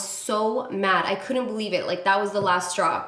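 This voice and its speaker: A young woman talks straight to her camera, retelling a story with animated, exasperated energy. Her pitch sits in the middle of the range. The room around her rings with a noticeable echo. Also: normal speed. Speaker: vlogger.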